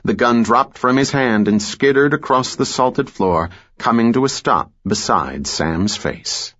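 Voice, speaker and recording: A man narrating a thriller audiobook in a measured, steady way. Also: mid-range voice, lo-fi sound.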